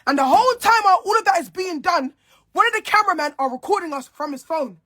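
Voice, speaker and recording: A woman's voice: extremely high pitch, lively intonation, fast, pushed and bright. A young woman, speaking in a heated, repetitive, confrontational monologue. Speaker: reality show cast member. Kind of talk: angry monologue to camera.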